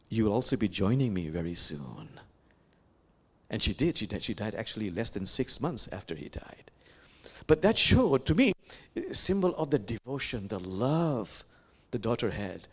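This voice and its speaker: An older man with a Bangladeshi accent, leading a reflective sermon as an imam and telling stories gently, with pauses and fillers. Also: medium pitch. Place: sanctuary.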